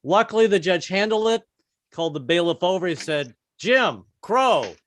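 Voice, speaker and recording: A man's voice: high-pitched, brisk, no room sound, studio quality. A man in his fifties doing a stand-up comedy set, rambling and self-mocking, with many restarts.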